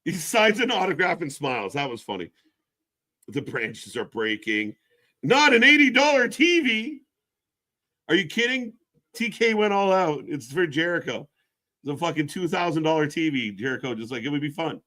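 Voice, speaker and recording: A man runs a live stream watching wrestling, riffing with offhand, foul-mouthed sarcasm that jumps from yelling to muttering under his breath. His delivery is animated and moderately paced.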